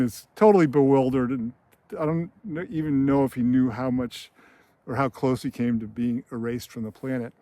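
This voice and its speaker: A man's voice: mid-range voice, warm tone, no echo. A man hosting a screenwriting channel, telling a film scene in casual commentary with an enthusiastic, filler-heavy storytelling manner.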